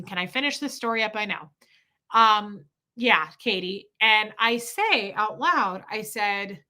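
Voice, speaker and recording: A woman on a casual livestream, spinning stories for her chat with a bright, forward tone. Her voice sits a little high and she swears freely, jumping into the voices of the people she describes. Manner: animated, profane, acts out quoted people. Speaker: livestream host. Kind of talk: casual storytelling to a live chat.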